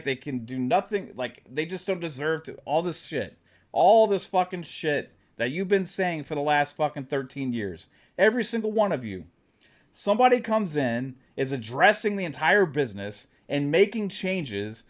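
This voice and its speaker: A man's voice: fairly high pitch, big pitch swings, moderate pace. A man hosting a gaming channel, giving live-stream commentary in an impassioned, profane rant aimed straight at his viewers. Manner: talks straight to the audience.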